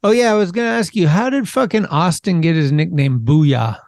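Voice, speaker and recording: A man's voice: high voice, moderate pace, creaky, a little mellow. A man hosting a podcast, asking short, casual questions and laughing along with his guests. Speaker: podcast host. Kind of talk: casual interview.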